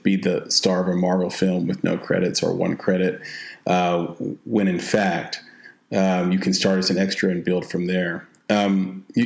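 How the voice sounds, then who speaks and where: A man hosting a casual interview, chatty and quick to laugh. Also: low voice, vocal fry. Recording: roomy echo.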